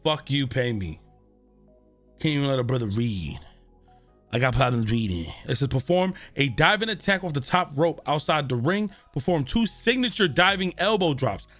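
A man's voice: mid-range voice, animated, normal speed, a bit bright, soft background music. Profane young male gaming streamer. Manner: profane, trash-talking. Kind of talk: casual gameplay commentary. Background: video game audio.

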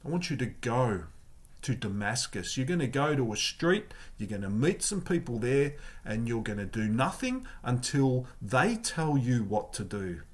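A preacher voicing Jesus, calm and commanding. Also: male voice, medium pitch, measured pace.

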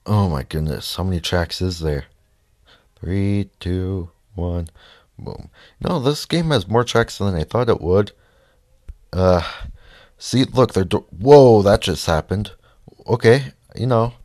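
A man giving casual gameplay commentary, reacting loudly to the race and muttering frustrated asides. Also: deep voice, animated, slow pace, long pauses, no echo, clean studio sound. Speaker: let's play gamer.

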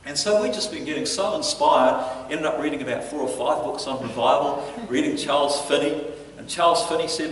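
A man preaching a sermon as pastor, telling stories in an animated way and chuckling between lines. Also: on the high side, brisk, hardly any pauses, a little hiss or hum. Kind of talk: storytelling sermon. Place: church hall. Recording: echoey church hall from a distance.

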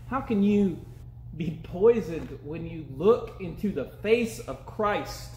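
Guy preaching a sermon in a church, kinda high voice, chatty, acts out little voices. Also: lively intonation, moderate pace, a little mellow, a little hiss or hum, rough recording. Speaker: pastor. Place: church sanctuary.

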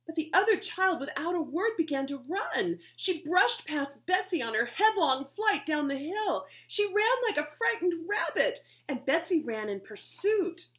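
A woman reading a children's chapter book aloud with expressive, lively storybook delivery. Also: extremely high pitch, measured pace, few pauses. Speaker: reader, society board member.

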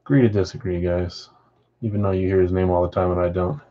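A man's voice: sits low, steady tone, fast, lo-fi sound. A man hosting a live card-break stream from home, chatting casually and reading viewer comments aloud. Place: house with a floor above.

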